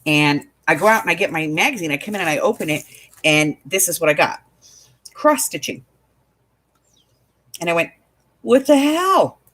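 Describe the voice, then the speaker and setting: A woman's voice: sits low, moderate pace, pauses often, fairly bright tone. A woman running a craft shop, telling a story in casual chat, with exasperated asides. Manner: chatty storytelling, exasperated asides, laughs often.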